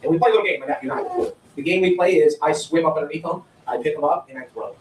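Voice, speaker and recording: A man's voice: on the high side, lively intonation, fast talker, slight background noise. A man from Ohio doing a stand-up comedy set, rambling through his stories and laughing often at his own lines. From Ohio, USA. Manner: rambling storytelling with frequent laughs. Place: comedy club stage with audience. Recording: roomy, distant live venue recording.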